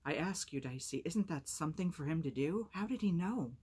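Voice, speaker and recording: A proud old grandmother from a storybook, brisk and sharp-tongued, her words clipped and fretful, as a woman reads her lines aloud. She sits a little above the reader's everyday voice. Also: deep voice, animated, breathy edge, pitched above the performer's own voice. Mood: amazed. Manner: sharp, worried, snappish.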